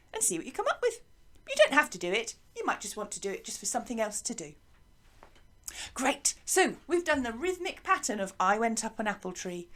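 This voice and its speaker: A woman teaching a music lesson to young children, asking lots of questions in a slow, lively way. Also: mid-range voice. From England. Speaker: primary school music teacher.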